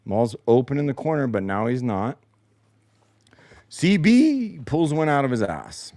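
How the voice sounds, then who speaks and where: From his home basement, a man hosts a post-game show and picks apart replays with frustrated, sarcastic, heavily profane commentary. His voice sits at medium pitch with big swings, unhurried and a little mellow, on a dry recording.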